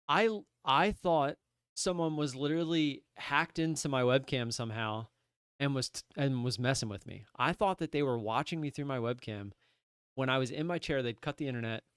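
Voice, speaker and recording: A young man telling a rambling, animated story on his trading livestream from his desk at home. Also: fairly high pitch, smooth, no room sound, clean studio sound. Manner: animated, rambling, many restarts and "I'm like". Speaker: livestream day trader. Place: home room at a computer desk.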